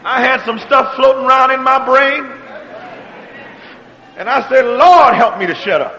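High-voiced preacher calling out to the congregation. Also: male voice, long reverb tail, lo-fi sound, some chatter behind. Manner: call-and-response preaching, asks if the congregation is still with him; swings between quiet, drawn-out phrases and shouted exhortations. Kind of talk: sermon.

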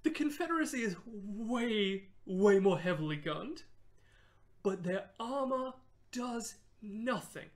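A woman's voice: medium pitch, lively intonation, slow, darkish tone. A young woman co-hosting a casual history podcast, explaining with enthusiasm and frequent laughter. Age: young adult. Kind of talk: casual chat.

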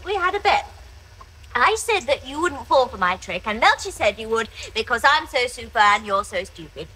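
A woman's voice: fairly high pitch, sing-song, normal speed, sharp tone, a little hiss or hum. A bratty childish queen. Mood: teasing. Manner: sing-song, taunting. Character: childish, spoiled young queen, teasing and bratty.

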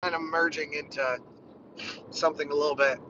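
A man's voice: fairly high pitch, fairly even intonation, brisk, pushed and bright, dull audio, a little hiss or hum. A man chatting casually during a car ride, rambling and laughing often. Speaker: vlogger.

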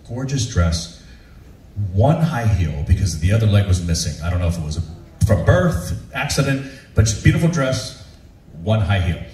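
Animated man telling a stage story. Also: a little hiss or hum. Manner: animated, acts out quoted voices with big pitch jumps. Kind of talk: live comedic storytelling. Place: large room with a live audience, from far off. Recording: echoey room, distant mic, faint ambience.

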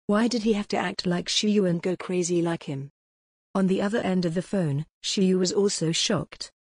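A woman narrating an audiobook in an even storybook reading. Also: fairly low pitch, moderate pace, husky, no room sound, clean studio sound. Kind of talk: scripted narration.

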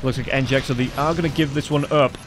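A man giving rapid play-by-play commentary on an esports match as caster. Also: medium pitch, noisy background. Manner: rapid, excited play-by-play calls.

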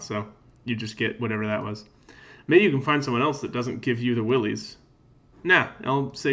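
A man's voice: mid-range voice, bright, forceful tone. Male let's player, mid voice, self-mocking commentary over game text, muffled home recording. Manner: wry, self-mocking asides.

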